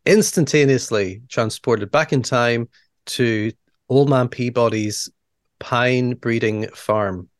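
A man's voice: mid-range voice, slow, no room sound. Dry-sounding man recapping a movie. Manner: retells scenes step by step, laughs often. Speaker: podcast co-host. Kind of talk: casual movie recap chat.

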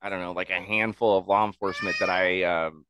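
Man, podcast host, animated and profane, dry close sound. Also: low voice, fairly quick, clean tone, no room sound. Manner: animated, swears constantly, excitable storytelling. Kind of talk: casual profane podcast chat.

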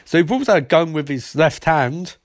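A man's voice: fairly high pitch, animated, normal speed. Man rambling through a comic recap. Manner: rambling, swearing, self-correcting. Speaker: comedic recapper.

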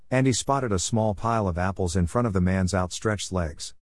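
A man narrating a short story in a steady, even reading voice, in a close, dry recording. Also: fairly low pitch, normal speed, hardly any pauses, dry recording.

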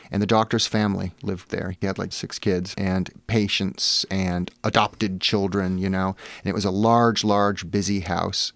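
A man from Massachusetts with a low, gravelly voice tells candid, wry stories about his past. He talks loosely, with plenty of "you know" fillers. The recording is dry and close. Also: dry recording. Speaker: memoir author, guest. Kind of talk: personal storytelling in an interview.

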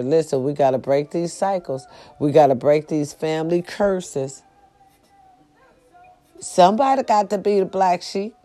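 A woman's voice: medium pitch, mellow. A woman talking to her online viewers in a casual, preachy monologue, repeating her points with emphasis. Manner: emphatic, repetitive, preaching to followers. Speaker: online commentator addressing viewers.

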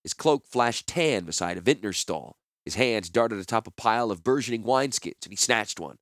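Expressive male fantasy narrator. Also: on the low side, moderate pace, dry recording, clean studio sound. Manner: expressive storytelling. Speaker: audiobook narrator.

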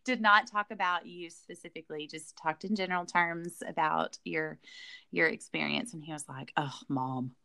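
Bright-voiced giggly woman co-host. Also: lowish voice, fairly even intonation, moderate pace, vocal fry, smooth. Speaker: podcast co-host. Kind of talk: casual chat.

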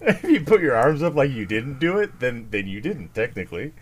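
Brisk and slightly rough, a mid-range male voice carries a laid-back podcast conversation. The young co-host spins stories energetically and keeps breaking into laughter.

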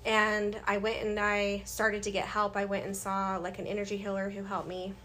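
A woman's voice: medium pitch, moderate pace, slight background noise. A woman in her thirties, a podcast guest, telling her life story in a casual interview and acting out what people said to her. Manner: animated, acts out past dialogue.

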